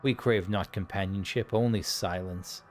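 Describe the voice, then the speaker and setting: A man's voice: low voice, fairly even intonation, soft background music, pitched below the performer's own voice, natural voice. A man reading as mournful ancient ghost dragons. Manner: slow, solemn archaic recitation.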